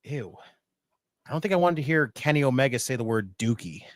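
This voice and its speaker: A man hosting a casual wrestling watch-party stream, excitable, joking and swearing often. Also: mid-range voice, brisk, no room sound, studio quality. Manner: profane, excitable, jokey. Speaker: podcast host.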